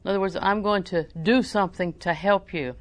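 A woman's voice: medium pitch, a little fast, dry recording. An older woman preaching a sermon in a folksy, storytelling way, with emphatic repetition.

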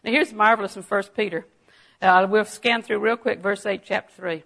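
At a moderate pace with fairly even intonation, a woman of medium pitch and slightly bright tone gives a preaching-style Bible lesson, using personal stories and pressing her points with emphatic declarations.

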